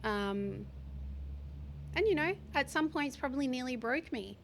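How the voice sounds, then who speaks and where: A woman's voice: sits high, lively intonation, gravelly, a little hiss or hum. Heartfelt woman speaking candidly. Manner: open, heartfelt, speaks slowly in places, occasional swearing. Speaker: podcast guest. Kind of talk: candid interview conversation.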